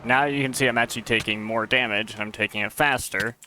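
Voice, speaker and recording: Bright-voiced man thinking aloud on stream. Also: on the low side, fairly even intonation, fast, a little hiss or hum. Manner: thinks aloud, musing and unsure as he debugs. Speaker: mod developer and streamer. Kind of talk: casual live-stream commentary while testing a game mod.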